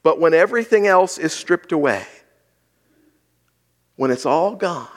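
A man's voice: a little high, lively intonation, unhurried. Man preaching a conversational sermon. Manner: conversational preaching with rhetorical questions. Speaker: pastor.

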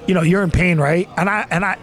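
Interview guest: man, 40s, rambling, animated storyteller, slightly high voice. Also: fast talker, soft background music. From Massachusetts. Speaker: interview guest, former pro wrestler. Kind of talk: casual storytelling.

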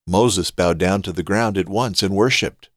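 A man with a lowish voice reads scripture aloud, measured and even. The recording is dry and close, with no room echo. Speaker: scripture reader. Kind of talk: Bible reading.

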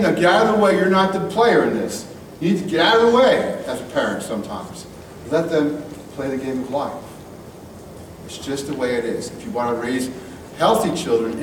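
High-voiced man preaching bluntly in echoey church. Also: a little hiss or hum. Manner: blunt, casual, emphatic preaching. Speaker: pastor. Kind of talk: sermon. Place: church hall. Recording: echoey room, mic at a distance, faint music.

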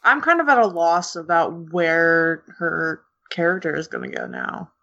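Bright-voiced chatty woman co-host. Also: fairly low pitch, lively intonation, a little slow, dull audio. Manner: chatty, lots of "like" fillers. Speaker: podcast co-host. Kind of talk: casual chat.

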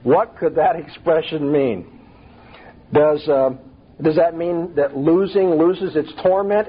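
Male preacher, emphatic rhetorical sermon delivery, husky tone. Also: fairly high pitch, slow pace, muffled recording.

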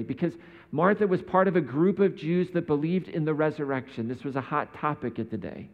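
Speaking fairly quickly in a fairly high voice, a man preaches conversationally, often asking his audience rhetorical questions. This pastor's recording sounds dull, with a reverberant hall around him.

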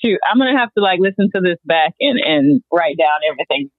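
A woman's voice: on the low side, fast, no echo. Laughing thirty-something woman over a phone line. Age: 30s. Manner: lively, laughs often, loose and relaxed. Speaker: guest. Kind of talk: casual interview chat. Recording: dry, tinny phone-like line.

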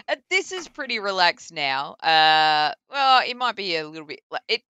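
Laughing Australian woman, bright and clear. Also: on the low side, measured pace, dry recording, dull audio. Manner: laughs often, relaxed, many fillers. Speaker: interview guest. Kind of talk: casual interview chat.

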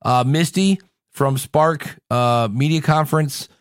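Speaking slowly in a clean, somewhat high voice, a man hosts his podcast solo while tired and sick with a cold, rambling and making fun of himself. The recording is dry, with clean studio sound.

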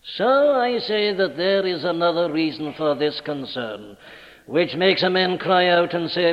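A man preaching a sermon in a church, speaking emphatically and building to forceful declarations. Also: high-pitched, animated, unhurried. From Wales. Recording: dull archival recording in a large reverberant church.

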